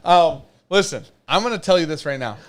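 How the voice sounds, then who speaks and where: A man's voice: on the high side, lively intonation, brisk. A man hosting a casual live whiskey-tasting stream, joking, swearing and reading viewer comments aloud. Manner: profane, joking, reads chat comments aloud. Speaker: show host.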